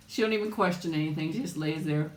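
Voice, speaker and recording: A woman's voice: low-pitched, darkish tone, echoey room. A woman hosting a casual live chat with viewers while eating. She tells stories in a chatty way and often laughs as she talks.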